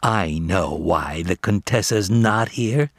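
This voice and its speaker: A man's voice: low voice, takes it slowly, no echo, studio quality, heavily acted. A man voicing a haughty bullying big-brother cat who sneers and snaps. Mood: sneering. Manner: sneering, snapping.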